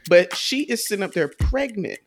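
A woman's voice: mid-range voice, lively intonation, moderate pace, over music. A woman co-hosting a podcast, retelling a film plot in a laid-back, colloquial way with frequent laughs. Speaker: podcast co-host. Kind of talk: casual podcast chat.

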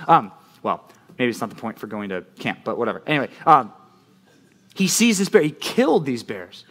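A man preaching a casual youth sermon, telling the story in a chatty, animated way with lots of fillers. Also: fairly high pitch, a little fast. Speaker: youth pastor.

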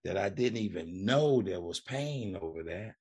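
This middle-aged man's voice sits low, a little mellow and slightly rough, animated at a normal speed. As a podcast guest and recovery coach, he tells his story casually in an interview, acting out quoted voices and often repeating "man" and "you know."

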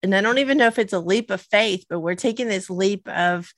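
A woman with a Southern US accent co-hosting a podcast, enthusiastic and quick to laugh. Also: medium pitch, dry recording. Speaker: podcast co-host. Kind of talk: casual podcast chat.

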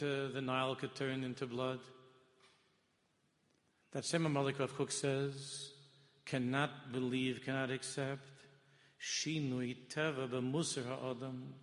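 Male rabbi preaching a Torah class with passion, dropping to quiet intensity, Hebrew terms throughout, recorded with long reverb. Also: medium pitch. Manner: impassioned, rising to loud emphasis then dropping to hushed tones; mixes Hebrew and Yiddish terms into English. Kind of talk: sermon-style Torah lecture.

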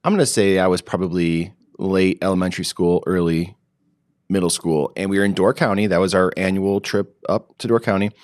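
A man's voice: low-pitched, a little fast, no echo, clean studio sound. A man co-hosting a podcast, telling stories in a casual, self-mocking way. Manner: animated, self-mocking storyteller. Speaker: podcast co-host. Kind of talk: casual chat.

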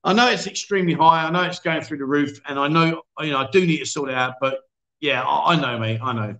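Fast and forceful, with a fairly high, bright voice, a man runs a casual livestream chat show recorded in an echoey room. He reads viewer comments in a chatty, self-deprecating manner, frequently restarting and calling people "mate."

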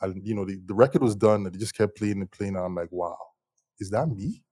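Young male interviewee, low voice, dry close sound, lively slangy storyteller who laughs a lot. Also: fast talker, dry recording. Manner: animated, slangy, laughs often. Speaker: musician guest.

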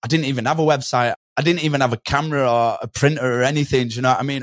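A man's voice: medium pitch, fairly even intonation, fast, few pauses, no echo, clean studio sound. A man, a podcast guest telling a story in a casual, slangy way and acting out the voices of people he quotes.

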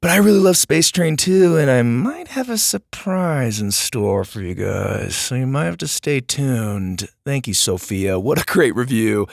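A man's voice: mid-range voice, lively intonation, unhurried, vocal fry, few pauses, dry recording, clean studio sound. A man hosting a story podcast, chatting upbeat and friendly to his young listeners in a casual outro. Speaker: podcast host.

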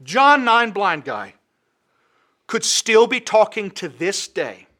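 A male preacher delivering a sermon in a high, ringing voice. He hammers his points home with emphatic repetition. His delivery is impassioned throughout. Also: big pitch swings, takes it slowly, pushed and bright.

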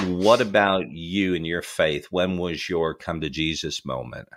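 A man's voice: deep voice, unhurried, a bit bright. A male podcast host who asks questions and answers with short affirmations. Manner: brief affirming interjections. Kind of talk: interview questions.

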